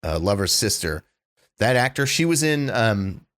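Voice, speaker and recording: A man with a fairly low voice talks eagerly in a relaxed podcast chat, peppering his talk with "like" and "dude" and the odd swear. The recording is dry and close. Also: a little slow, no room sound. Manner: excitable, says "like" and "dude" a lot, swears. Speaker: podcast co-host. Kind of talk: casual chat.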